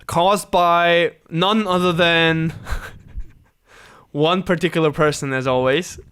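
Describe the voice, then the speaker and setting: A man's voice: a little high, steady tone, takes it slowly, fairly bright tone, clean tone, no room sound. A man hosting a podcast, asking curious questions in a teasing, laughing way. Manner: teasing, curious interviewer who laughs often. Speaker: podcast host. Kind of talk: casual chat.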